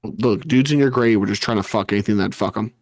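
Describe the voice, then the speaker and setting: A man's voice: lowish voice, fast, a little mellow, no room sound, clean studio sound. A man guesting on a podcast in casual chat, blunt and crude, teasing the host.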